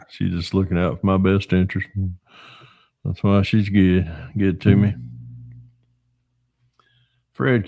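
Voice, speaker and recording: A middle-aged Southern man from Northwestern Georgia builds a model car during a casual livestream, answering chat in a folksy drawl. His voice is low, creaky and dark, with no echo in the sound.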